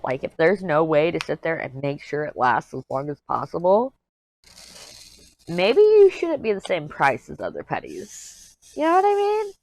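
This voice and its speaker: A woman in her thirties with a lowish, slightly bright voice chats casually as a crafting vlogger while doing diamond painting. She rambles, gets sidetracked easily, and is candid and jokey.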